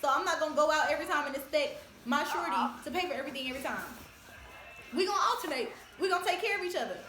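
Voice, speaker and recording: Fast bright-voiced woman lecturing emphatically. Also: high-pitched, animated. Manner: emphatic, lecturing, laughs often. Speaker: host. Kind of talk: casual discussion. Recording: echoey room.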